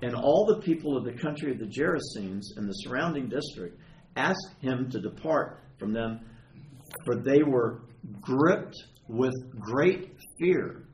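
Animated preacher man in an echoey church. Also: mid-range voice, a little slow. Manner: conversational, animated, asks the congregation questions. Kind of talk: sermon. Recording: echoey room with faint ambient noise.

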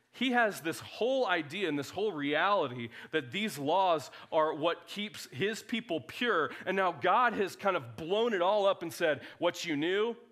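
A male pastor preaching to his congregation in a fairly high voice. He tells the stories in a lively, conversational way and acts out the characters' lines as he goes. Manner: animated storytelling, acts out biblical dialogue. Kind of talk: sermon.

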